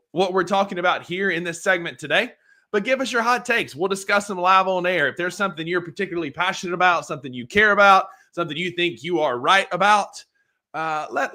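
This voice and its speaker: A man co-hosts a casual sports talk podcast, upbeat and chatty, explaining things at length. His voice is high-pitched and bright, with a forceful tone.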